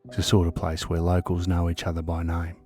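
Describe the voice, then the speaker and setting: A man hosting a podcast, telling a true-crime story in a measured, suspenseful narration that sometimes drops to a hush. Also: low-pitched, monotone, soft background music. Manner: measured, suspenseful storytelling, dropping to hushed tones. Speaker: podcast host.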